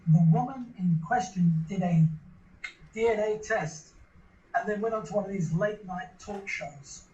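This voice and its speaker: At a measured pace, a man with a high-pitched, warm voice tells a long story casually during an interview, restarting a lot and repeating words as he rambles. It's recorded lo-fi in an echoey room.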